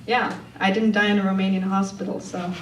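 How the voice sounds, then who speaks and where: A woman's voice: mid-range voice, little pitch movement, brisk. A woman from Poland, telling a true story live on stage in a wry, conversational way, often laughing as she talks. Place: theater stage before an audience. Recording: echoey room, distant mic, faint ambience.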